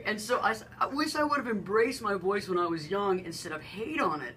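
Low-voiced woman, bright and animated. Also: a little fast, hardly any pauses, slight background noise, poor audio. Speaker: radio co-host. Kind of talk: casual radio talk.

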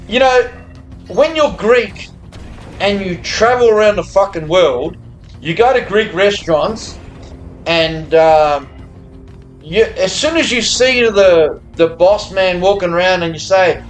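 Tipsy, swearing man with a high voice. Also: slow, soft background music. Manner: rambling, heavy swearing, chatty with viewers. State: tipsy, slurring a little after beers. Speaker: streamer. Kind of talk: live gambling stream chat. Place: hotel or home room abroad.

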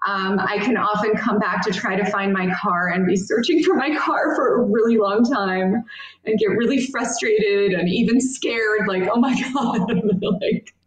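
A woman's voice: mid-range voice, normal speed. A woman guest on a podcast, speaking in an earnest, thoughtful way with frequent "um" and "like" fillers. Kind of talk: casual interview chat. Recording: echoey room.

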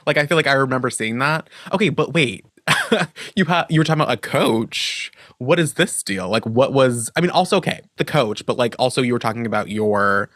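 Man, podcast host, mid pitch, casual filler-heavy chat, dry close mic. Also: a little fast, dry recording. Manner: relaxed, conversational, many fillers.

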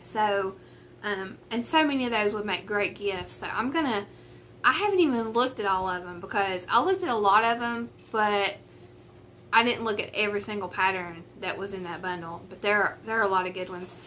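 A woman's voice: medium pitch, normal speed, a bit bright, slight background noise. A young woman with a rural Southern US accent chatting to camera at home about her cross-stitch projects, rambling and self-deprecating, recorded on a tripod camera at a table. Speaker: craft vlogger. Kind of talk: casual chat to camera. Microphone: camera on a tripod with a ring light.

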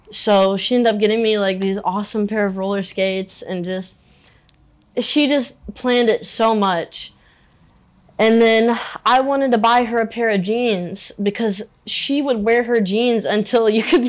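A young adult woman in a candid interview, talking in a halting, emotional way and using "like" a lot. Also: mid-range voice. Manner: halting and emotional, many filler "like"s.

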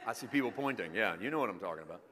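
A man preaching a sermon to a congregation, swinging from loud, emphatic points to quiet, joking asides. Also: on the low side, lively intonation, rapid-fire, slight background noise. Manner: jokey, self-deprecating with the congregation.

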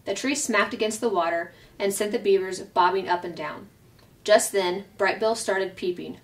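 A woman reading a children's novel aloud at a steady, clear pace. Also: on the low side, normal speed. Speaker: storyteller. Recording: voice picked up from a distance.

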